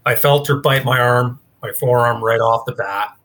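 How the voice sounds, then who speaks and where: Man, interview guest, casual rambling storyteller, bright forceful voice. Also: medium pitch, normal speed. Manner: casual, rambling, with many fillers. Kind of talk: storytelling in conversation.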